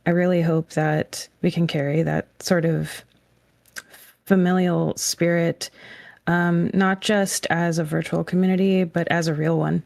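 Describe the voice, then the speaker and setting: A woman's voice: on the low side, little pitch movement, measured pace, creaky, a little mellow, no room sound. A woman speaking earnestly and from the heart in a casual group chat.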